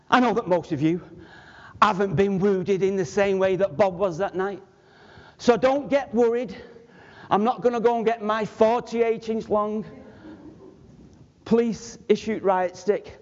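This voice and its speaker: A man with a Manchester accent preaching a sermon with personal stories, talking in an animated, humorous way and addressing the audience directly. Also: very high-pitched, a little slow, in a large hall, dull audio. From Manchester, England.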